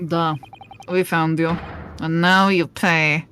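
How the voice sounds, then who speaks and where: A woman's voice: deep voice, level tone, slow, heavy background noise, pitched below the performer's own voice. A woman voicing a big, cold-blooded Russian man in a game playthrough, with a put-on Eastern European accent and broken, threatening English. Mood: menacing.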